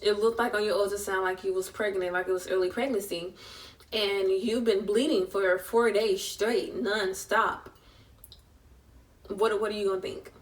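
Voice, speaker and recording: A woman's voice: mid-range voice, steady tone, normal speed, distant mic. A young woman, telling an emotional personal story in a vlog and acting out the voices of the people in it. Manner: chatty, emotional retelling with voiced quotes. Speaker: vlogger.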